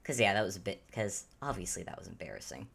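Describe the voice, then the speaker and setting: A woman with a strikingly deep voice narrates a tabletop game as game master. She tells the scene in an animated, descriptive way and often corrects herself mid-sentence. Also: quick pace, vocal fry, husky.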